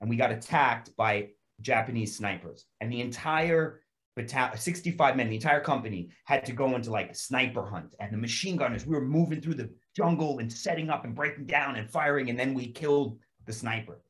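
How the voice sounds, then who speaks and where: A man spinning a lively, swear-laden story over a video call link. His voice sits at an ordinary middle pitch. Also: brisk. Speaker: actor guest. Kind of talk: animated anecdote telling.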